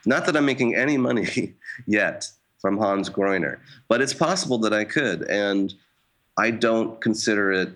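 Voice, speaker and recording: Low-voiced man, hesitant musician. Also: animated, moderate pace, fairly bright tone. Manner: hesitant, many restarts and fillers; wry, self-mocking humor. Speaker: jazz musician. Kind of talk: casual interview talk.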